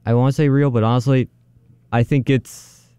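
A man's voice: mid-range voice, fairly even intonation, moderate pace, warm tone, clean tone, dry recording. A young man playing along as a contestant, hesitating and thinking aloud before answering. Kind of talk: casual chat.

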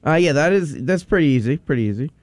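A man's voice: fairly high pitch, expressive, quick pace, a little mellow, no echo. A man hosting a casual quiz, teasing the players and laughing often. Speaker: quiz host. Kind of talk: casual chat.

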